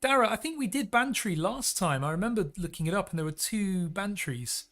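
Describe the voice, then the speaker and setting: A man's voice: sits high, lively intonation, a little fast, fairly bright tone. A man hosting a live stream, chatting casually and upbeat while flying a plane in a simulator and greeting viewers. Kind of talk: casual live-stream commentary while playing a flight sim.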